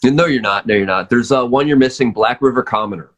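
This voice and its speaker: A man's voice: medium pitch, quick pace, a bit bright. A man who is a drummer, chatting as a podcast guest, rambling with lots of fillers and restarts. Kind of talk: casual chat.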